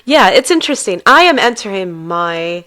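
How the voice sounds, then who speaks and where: A woman's voice: mid-range voice, very animated, moderate pace, pushed and bright. A woman co-hosting a podcast in casual chat, who laughs easily. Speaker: podcast co-host.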